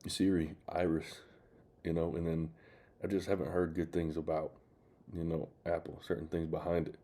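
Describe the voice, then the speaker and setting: Deep, flat-voiced man commenting. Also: moderate pace. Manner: rambling, many fillers, drawn out. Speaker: channel host reacting to clips. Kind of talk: casual commentary.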